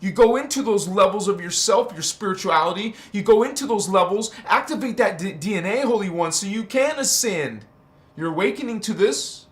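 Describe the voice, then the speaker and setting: A man's voice: sits high, expressive, moderate pace, echoey room. A man giving a spiritual teaching monologue, preaching in an emphatic, repetitive way.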